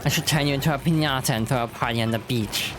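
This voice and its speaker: A woman voicing a boastful ancient male skeleton pirate captain, with drawn-out theatrical threats over game music. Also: very deep voice. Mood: scornful.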